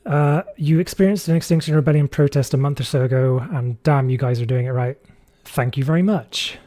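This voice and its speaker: A man hosts a gaming livestream and chats with a co-player and his viewers. His talk is relaxed and full of fillers. The sound is close and dry. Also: medium pitch, fairly quick, no room sound. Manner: relaxed, chatty, reads chat aloud, frequent fillers. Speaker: streamer host. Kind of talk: casual gaming livestream chat.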